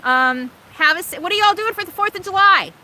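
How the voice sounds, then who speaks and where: A woman's voice: very high voice, expressive, fairly quick, pushed and bright, poor audio. A middle-aged woman hosting a casual livestream from her RV, chatting and reading viewer comments, laughing often and poking fun at herself, with sinus trouble from allergies. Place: in an RV in Alaska.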